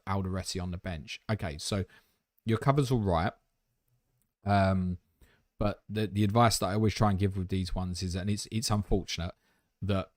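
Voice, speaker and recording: A man hosting a fast casual livestream, reading out viewer questions and answering them bluntly with jokes. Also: low-pitched, no room sound, clean studio sound. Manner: blunt, jokey, reads viewer questions aloud.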